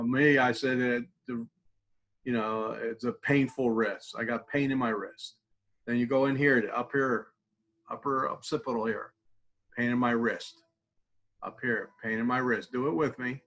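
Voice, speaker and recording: Man calmly guiding a tapping exercise. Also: mid-range voice, low-quality recording. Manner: conversational, repeats phrases while demonstrating, drops to quiet murmurs. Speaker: mindfulness instructor.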